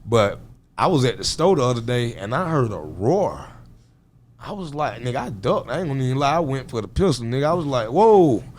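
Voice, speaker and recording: A man, talking as an interview guest in a relaxed, slangy storytelling way. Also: mid-range voice, a little fast, a little hiss or hum. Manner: laid-back, storytelling, slangy. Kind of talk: casual interview talk.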